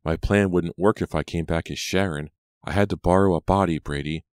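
A man's voice: deep voice, fairly quick, dry recording, clean studio sound, lightly acted. A man voicing a vengeful teenage girl who taunts coldly in an audiobook reading. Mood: cold, taunting. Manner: taunting, cold.

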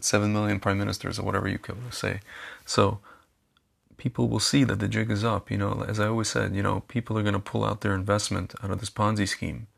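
A man's voice: fairly low pitch, vocal fry. A man talking casually straight to his viewers as a commentator, chatty, repeating phrases and calling them his friends. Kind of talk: casual direct-to-camera monologue.

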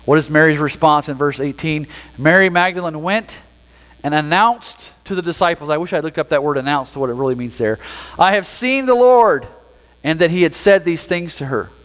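A man preaching a sermon as pastor, reading scripture aloud and then explaining it in a relaxed, conversational way. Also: fairly high pitch, brisk, big-room sound, low-quality recording. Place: church sanctuary.

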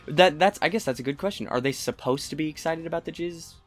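A man's voice: on the high side, fast talker. A young man co-hosting a let's play, rambling through crude jokes with lots of fillers and laughs. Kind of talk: crude casual banter while gaming. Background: game music.

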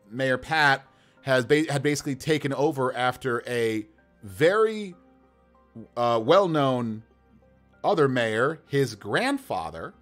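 Lively man rolling up characters. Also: medium pitch. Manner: animated, laughs often, talks to chat while rolling dice. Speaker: game master building characters. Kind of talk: casual livestream chat.

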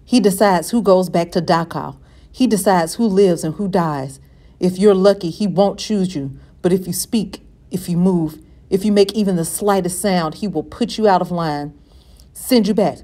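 A woman voicing a frightened teenage boy who speaks in a hushed, pressing way. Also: lowish voice, moderate pace, lightly acted. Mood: urgent hiss.

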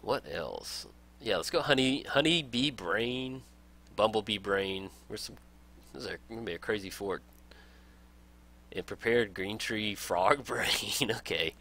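A man's voice: lowish voice, measured pace, long pauses, pushed and bright. A young man casually talking through a strategy game as a let's play host, upbeat and enthusiastic, laughing often. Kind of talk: casual game tutorial commentary.

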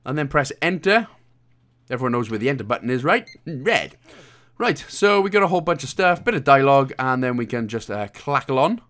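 A man's voice: medium pitch, big pitch swings, brisk, fairly bright tone. A man from Wales, hosting a casual game walkthrough with jokey, rambling, self-mocking asides. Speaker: video game walkthrough host.

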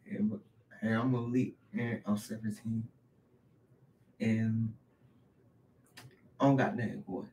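A man voicing a sullen teenage boy who mumbles quietly with little energy in a comedy sketch. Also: fairly low pitch, level tone, slow, long pauses, rough recording.

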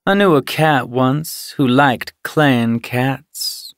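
A man voicing a grumpy, toothless old she-cat in an audiobook, raspy and dry. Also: medium pitch, very slow, dry recording, voice pushed up.

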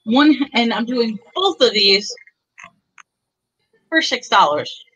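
A woman pitching bargains on a live stream in a chatty, bubbly way. Her voice is bright and forward, and she keeps talking up each deal as she shows the items. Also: big pitch swings, takes it slowly, slightly rough, poor audio. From Texas. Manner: chatty, bubbly, pushes deals. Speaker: seller on a live online auction.

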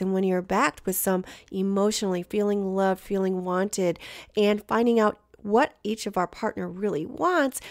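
A woman's voice: mid-range voice, dry recording. A woman hosting a podcast, introducing her guest and interviewing him in an upbeat, playful way. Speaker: podcast host.

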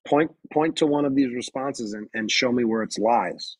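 Husky guy running a ref training webinar, firm and emphatic, dry close sound. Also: mid-range voice, normal speed, few pauses, a little mellow, no room sound, low-quality recording. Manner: emphatic and firm, repeats key phrases. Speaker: basketball referee trainer. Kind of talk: webinar presentation.

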